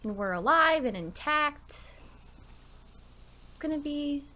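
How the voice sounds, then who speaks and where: A woman hosting a let's play, chatting casually and thinking aloud, now and then dropping to soft asides. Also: high voice, expressive, takes it slowly. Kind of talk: casual gameplay commentary.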